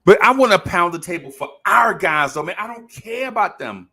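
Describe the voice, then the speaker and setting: A man hosting a casual sports podcast, talking in an animated way, repeating phrases and laughing often. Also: high-pitched, normal speed, gravelly, husky. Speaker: podcast host.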